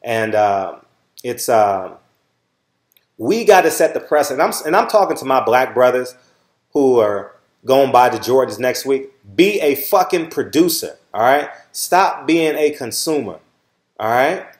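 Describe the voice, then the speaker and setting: A middle-aged man with a Southern Californian accent hosts his own channel, bluntly lecturing viewers in a casual monologue, cursing freely and repeatedly asking "all right?" His medium-pitched voice is expressive and unhurried, and the recording sounds roomy.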